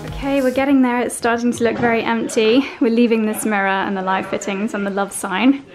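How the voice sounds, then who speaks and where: A woman's voice: fairly high pitch, flat delivery, brisk, over music. A young woman chatting to camera in a lifestyle vlog, bubbly and out of breath from carrying boxes around a house. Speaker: lifestyle vlogger. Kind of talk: casual vlog chat to camera. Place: house during a move.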